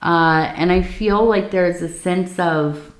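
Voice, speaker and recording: Woman reader, gentle and musing, unhurried delivery, recorded in an echoey room. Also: on the low side. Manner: soft, reflective, meandering with many fillers. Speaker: tea leaf reader. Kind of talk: intimate spoken reading. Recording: roomy echo.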